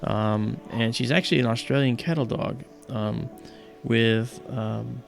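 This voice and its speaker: A man hosting a live stargazing stream, telling rambling, animated stories with many fillers and pauses. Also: mid-range voice, gravelly, music in the background. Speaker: livestream host. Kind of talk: casual storytelling during a live stargazing stream.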